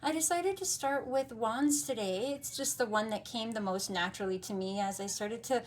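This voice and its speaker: Brief: playful, goofy woman host, casual storytelling, voice a touch high. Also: moderate pace, a little hiss or hum. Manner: playful, goofy, laughs often. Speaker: tarot video host.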